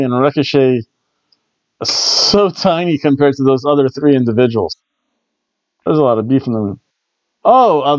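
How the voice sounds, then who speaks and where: A man's voice: fairly high pitch, a little mellow, no echo. Rambling man recapping wrestling, lo-fi. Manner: rambling, jokey, quick asides. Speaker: wrestling review podcast host. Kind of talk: casual recap commentary.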